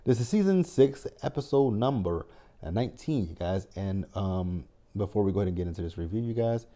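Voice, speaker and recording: A man recaps a TV episode in a loose, wry, chatty way, swearing freely. His voice is low-pitched and mellow. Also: animated, a little fast. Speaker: TV recap channel host.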